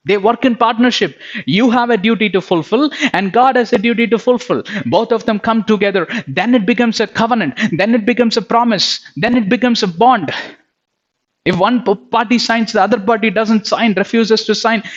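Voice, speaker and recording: High-voiced man preaching, dull lo-fi sound. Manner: addresses listeners as beloved, asks checking questions. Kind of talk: sermon.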